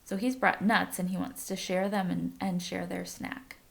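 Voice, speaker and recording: A woman's voice: lowish voice, gravelly. A woman teacher reading a picture book aloud to her class, adding short comments between pages. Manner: slow, expressive storytelling with comments to listeners.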